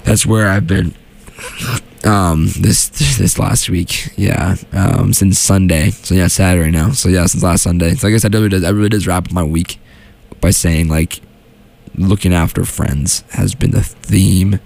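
A man's voice: sits low, fairly even intonation, normal speed, gravelly, darkish tone. A young man hosting a solo show from a small studio, chatting casually and rambling with lots of fillers and restarts. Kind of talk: casual solo radio chat.

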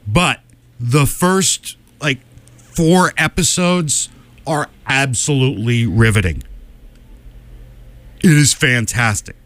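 A man in an easy, conversational recap, running down a list of winners and tossing in his own verdicts. His voice is mid-pitched and sounds dry and close, with little room around it. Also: fairly bright tone, no echo. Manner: rattles off winners with quick opinions, many "uh" fillers. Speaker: podcast co-host. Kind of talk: casual awards recap chat.

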